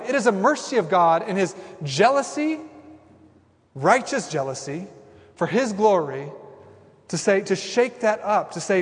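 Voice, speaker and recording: A man in his thirties, a pastor preaching a sermon in an animated, conversational way with acted asides. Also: sits high, measured pace. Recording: reverberant hall.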